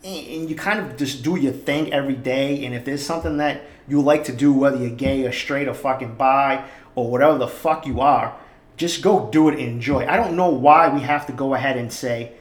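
A man's voice: medium pitch, fairly quick, roomy sound. A man with a Boston accent hosting a solo podcast, ranting in a heated, profane, emphatic way. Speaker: podcast host.

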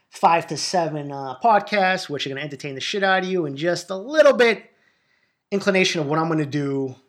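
Male podcast host, 30s, solo monologue, profane and rambling, subdued and a bit depressed. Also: fairly high pitch. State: low, borderline depressed mood.

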